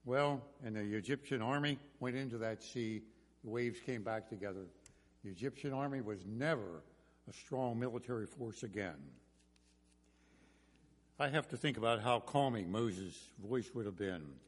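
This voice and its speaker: Animated preacher in an echoing hall. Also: male voice, mid-range voice. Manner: storytelling, swinging from loud bursts to hushed. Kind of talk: sermon.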